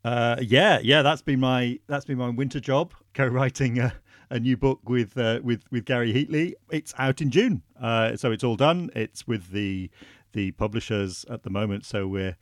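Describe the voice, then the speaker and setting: A man's voice: mid-range voice, moderate pace, dry recording. Dry-sounding Scottish man hosting a podcast. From Scotland. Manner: enthusiastic, with restarts. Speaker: podcast co-host. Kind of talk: casual podcast chat.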